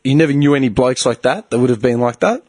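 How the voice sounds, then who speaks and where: A man's voice: mid-range voice, fast, no room sound. An Australian man hosting a podcast, telling stories in casual chat, swearing a lot and breaking into laughter. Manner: animated storyteller, swears a lot, bursts of laughter. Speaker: podcast host.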